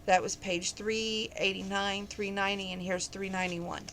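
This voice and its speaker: A woman's voice: medium pitch, fairly even intonation, normal speed, a bit bright, slight background noise. Woman casually reading a novel aloud. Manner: plain, conversational, chatty asides to listeners. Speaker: book reader.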